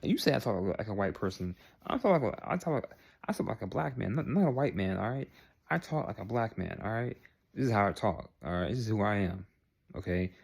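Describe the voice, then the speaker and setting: A man's voice: lowish voice, animated, fairly quick, gravelly, a little mellow. A young man talking straight to the camera, earnest and repetitive, ending his points with "all right?". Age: young adult. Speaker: vlogger. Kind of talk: direct-to-camera monologue.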